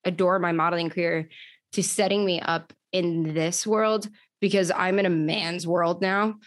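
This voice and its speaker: A woman's voice: fairly low pitch, fairly even intonation, a little slow, dry recording. Young New woman, rambling storyteller, close dry recording. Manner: chatty, filler-heavy storytelling. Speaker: podcast host, guest. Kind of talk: casual interview chat.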